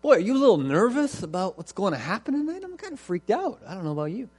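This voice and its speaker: A man's voice: sits high, very animated, quick pace, slightly rough, voice pushed up, exaggerated voice. A man voicing a nervous ancient Hebrew father who frets and rambles as he reassures himself. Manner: fretful, rambling, self-reassuring.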